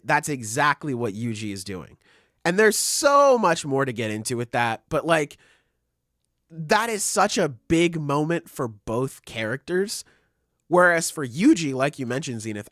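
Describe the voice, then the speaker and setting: A man's voice: a little high, measured pace, no echo, clean studio sound. A young man co-hosting a podcast, talking casually and animatedly, acting out character quotes and saying "like" a lot. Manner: animated, acts out quotes in voices, says like a lot. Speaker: podcast co-host. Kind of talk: casual chat.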